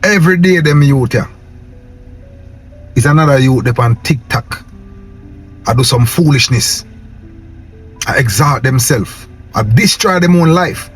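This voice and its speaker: A young man with a strong Jamaican Patois accent delivers a fervent rant straight to his viewers. He talks in a middling pitch, repeating himself and ending his sentences with "yo". Soft music plays faintly behind him. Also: lively intonation, measured pace, pauses often. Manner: impassioned, preachy, repeats "yo" and "man". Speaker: vlogger. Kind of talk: casual rant to camera.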